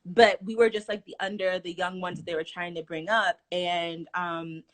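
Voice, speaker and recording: A woman's voice: fairly low pitch, flat delivery, normal speed. A woman, a stage actress, chatting about her role on a video call. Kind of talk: casual video-call interview.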